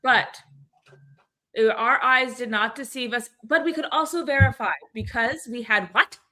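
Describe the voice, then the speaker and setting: Bright-voiced bubbly woman co-host. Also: on the high side, normal speed. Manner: bubbly, laughs often, swears casually. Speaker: co-host of a weekly community call. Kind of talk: casual promotional chat.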